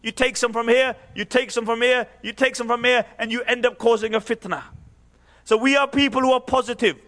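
A man's voice: very high-pitched, fairly even intonation, fairly quick, fairly bright tone. A man delivering an impassioned sermon, posing rhetorical questions and quoting Arabic verse. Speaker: preacher. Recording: reverberant hall.

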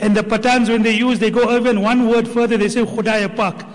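A man's voice: very high voice, little pitch movement, fairly quick, slight background noise. A man giving a reverent religious talk, reciting Quranic verses as he summarizes a lecture. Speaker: Islamic speaker summarizing a lecture. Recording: long hall reverb.

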